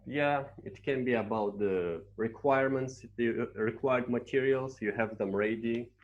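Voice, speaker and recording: A man's voice: medium pitch, unhurried. Lo-fi man. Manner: conversational, uses fillers like yeah and right. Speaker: trainer. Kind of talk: online teacher training session. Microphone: video call. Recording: lo-fi online call audio.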